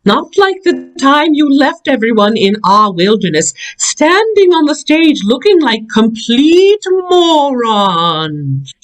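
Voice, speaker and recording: A woman's voice: sits high, big pitch swings, slow, full character voice. A woman playing a teasing female ghost of missed entrances in a stage play. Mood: gloating. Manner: teasing, gloating. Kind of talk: community theater stage play.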